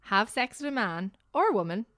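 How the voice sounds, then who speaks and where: A woman hosts a casual podcast chat in a middle-pitched voice. She reads out questions and rambles, restarting often and breaking into giggles. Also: big pitch swings, brisk, a bit bright. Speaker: podcast host.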